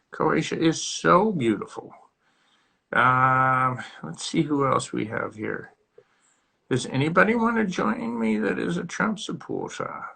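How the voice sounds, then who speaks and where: A man's voice: mid-range voice, vocal fry, bright, forceful tone, husky. A man hosting his own casual livestream from home on a phone, rambling and chatty, now and then scolding his barking dog. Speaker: host of his own live stream.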